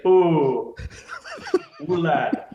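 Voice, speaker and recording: A man's voice: fairly high pitch, lively intonation, extremely slow, warm tone. A man joining a podcast as a guest, joking sarcastically. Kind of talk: casual chat. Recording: distant, echoey, dull remote audio.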